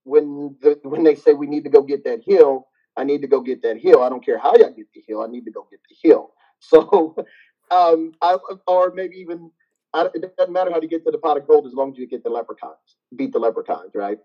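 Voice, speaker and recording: A middle-aged man with a slightly high voice, animatedly telling stories and laughing often in a casual interview. The recording is dull and lo-fi, as if captured on modest gear. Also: brisk. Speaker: gym owner and guest. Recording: dull lo-fi sound.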